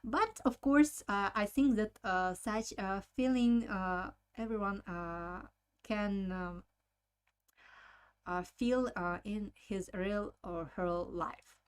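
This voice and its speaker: A woman teaching a language lesson, explaining step by step with many filler sounds and slowly repeating each word for practice. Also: mid-range voice, clear, resonant tone.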